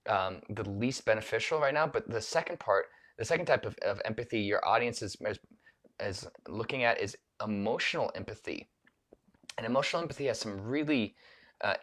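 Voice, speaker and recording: A man with a fairly low voice coaching keynote speakers in a loose solo talk to camera. He rambles, restarts his sentences and fills his pauses with ums and repeats. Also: fairly bright tone. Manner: rambling, self-correcting, with many restarts and filler words.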